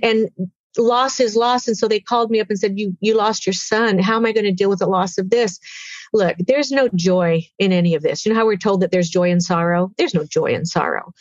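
A woman in her sixties giving an earnest personal testimony as an interview guest, halting and tearful at times. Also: mid-range voice, no echo, lo-fi sound.

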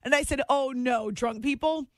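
A woman hosting a late-night sports radio show, telling a story in a lively, chatty way with frequent laughs, in a station studio. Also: high-pitched, moderate pace, no room sound.

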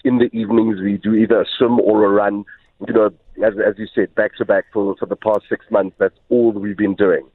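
Man, low voice, halting, lots of restarts, phone-line sound. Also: steady tone, dry recording. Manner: halting, many repeated restarts. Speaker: guest. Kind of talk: casual storytelling in an interview.

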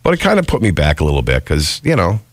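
A middle-aged man hosting a morning radio show, telling stories in casual banter with a swooping, animated delivery. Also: fast talker, dry recording. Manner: animated storytelling, swooping pitch.

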